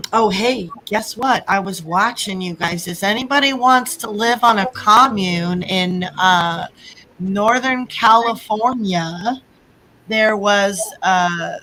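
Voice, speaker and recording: A woman's voice: medium pitch, takes it slowly, bright, forceful tone, poor audio. A woman chatting casually with friends in a group talk, blunt and joking, laughing often.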